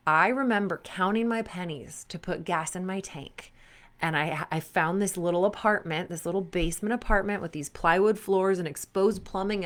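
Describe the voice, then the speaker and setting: A woman performance coach in her thirties with a slightly low voice talks candidly to sport parents. She tells personal stories in a loose, conversational way and slips into quoted asides as she goes.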